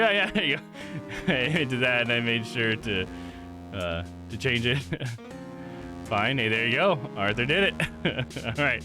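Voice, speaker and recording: A man's voice: mid-range voice, lively intonation, unhurried, over music. A man playing a game live, chatting casually and chuckling between remarks to his chat.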